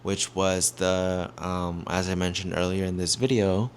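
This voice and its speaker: Low-voiced young man rambling in a vlog. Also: level tone, measured pace, a little hiss or hum. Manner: rambling, heavy fillers, addresses viewers as y'all. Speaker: YouTuber. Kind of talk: casual vlog chat. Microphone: handheld mic.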